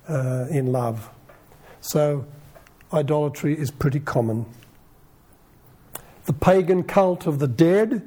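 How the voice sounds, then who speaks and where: Husky, warm-voiced male Bible teacher. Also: mid-range voice. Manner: conversational, rhetorical questions, lively asides.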